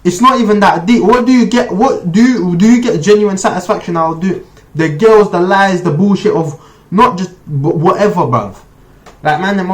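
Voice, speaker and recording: A man's voice: high voice, moderate pace. A young man, reacting to a track in slangy, emphatic casual commentary. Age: 20s. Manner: emphatic, slangy, bursts of excitement. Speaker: reaction video host.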